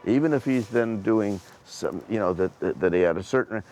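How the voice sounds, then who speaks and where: A man's voice: on the low side, normal speed, hardly any pauses, a little mellow. A male interviewer reflecting aloud and acting out a story he has read about a film actor. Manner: reflective, acts out a retold story. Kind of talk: interview conversation.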